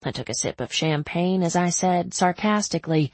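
A woman's voice: fairly low pitch, normal speed, a little mellow, no room sound. A woman giving intimate, emotional first-person audiobook narration.

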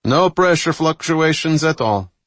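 A man voicing a submarine engineer who calls out readings in a crisp reporting tone. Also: mid-range voice, very animated, a little slow, a bit bright, dry recording, pitched above the performer's own voice, heavily acted. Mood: alert.

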